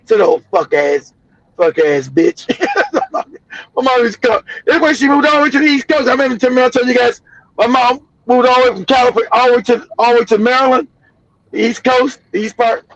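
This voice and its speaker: A man in his fifties from the United States, telling profane family stories on his stream with loud cackling laughs. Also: very high voice, fairly even intonation, fast, no room sound. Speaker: streamer host. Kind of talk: profane casual storytelling. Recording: dull lo-fi dry stream audio.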